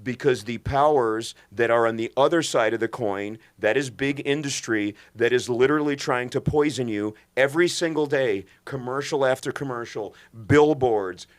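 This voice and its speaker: A man's voice: mid-range voice, normal speed, few pauses. A middle-aged man co-hosting a podcast as a doctor, talking earnestly and emphatically with many restarts. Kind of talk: impassioned podcast talk.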